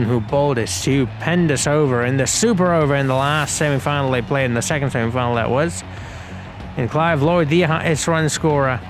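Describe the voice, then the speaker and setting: A man hosting a gaming video, giving casual play-by-play commentary in a chatty, rambling way with slangy asides. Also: a little high.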